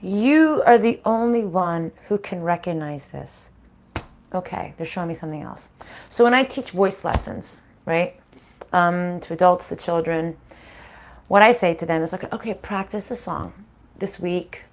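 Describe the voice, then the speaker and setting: A middle-aged woman giving a casual spiritual reading, frank and animated, swearing freely and laughing often. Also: on the low side, measured pace. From Italian-American family. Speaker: spiritual reader and channel host.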